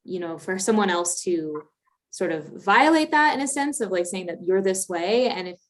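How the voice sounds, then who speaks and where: A woman's voice: medium pitch, animated, moderate pace. Woman hosting a livestream Q&A. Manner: friendly, affirming, with many fillers. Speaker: livestream host reading questions.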